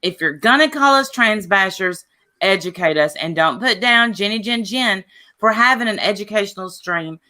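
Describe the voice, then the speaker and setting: A woman's voice: mid-range voice, lively intonation, normal speed, sharp tone. A woman on a live stream chat, talking insistently and defending herself.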